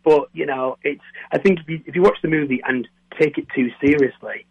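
A man from near Newcastle with a softened northern English accent, a film director answering interview questions in a hesitant way, repeating words and laughing often. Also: on the high side, a little fast, husky, dry recording, low-quality recording. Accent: northern English, softened toward standard. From northern England, near Newcastle. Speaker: film director and co-writer, guest.

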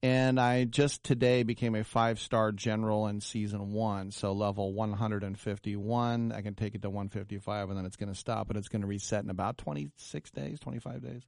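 Animated male radio host, low voice. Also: no room sound, clean studio sound. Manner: animated, self-deprecating storyteller. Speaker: radio talk show host. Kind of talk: casual radio storytelling.

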